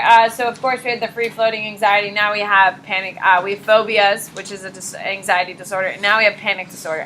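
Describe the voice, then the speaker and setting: A young woman teaching high school psychology in a classroom, chatty and animated, often saying "like" and "uh". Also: slight background noise, low-quality recording. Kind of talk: casual classroom lecture.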